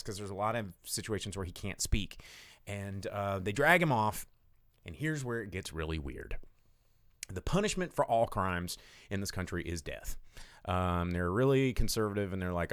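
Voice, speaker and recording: Male host, low voice, dry close mic, casual irreverent movie-recap rambler. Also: fairly bright tone, clear, resonant tone, dry recording. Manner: rambling, irreverent, swears freely. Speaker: podcast host. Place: home studio.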